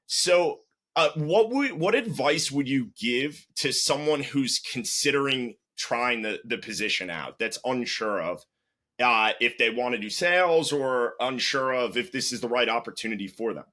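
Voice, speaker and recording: Bright-voiced man hosting a casual interview. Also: mid-range voice, moderate pace. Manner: animated storyteller, many restarts. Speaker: interview host, sales manager.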